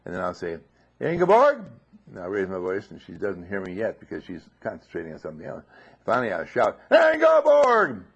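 A man giving an informal spoken teaching in a monastery dining room, often clearing his throat and asking rhetorical questions. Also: deep voice, fairly even intonation, fast talker, fairly bright tone. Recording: dull lo-fi recording.

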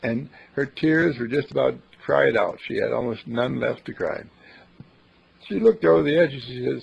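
A man's voice: mid-range voice, normal speed, vocal fry, slightly rough. A man, a university dean, telling a folksy, dramatic story as a thought for the day, on a dull lo-fi recording. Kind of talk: storytelling talk.

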